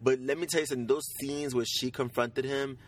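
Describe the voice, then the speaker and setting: A man co-hosting a casual podcast from a parked car, gushing and animated, often restarting his sentences. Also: medium pitch, a little fast. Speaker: podcast co-host. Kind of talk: casual chat about soap operas.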